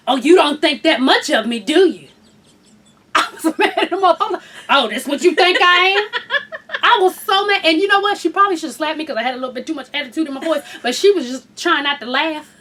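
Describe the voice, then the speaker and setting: Sitting slightly back from the microphone and recorded from afar, a woman hosts a frank conversation. Her high voice swings wildly as she speaks bluntly and swears, lurching between loud outbursts and quiet asides.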